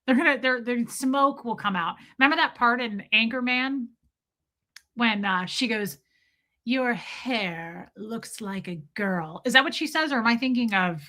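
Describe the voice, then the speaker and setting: A woman hosting a casual live stream and chatting with viewers, animated and quick to laugh, swearing freely. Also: a little high. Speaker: live-stream host reading chat.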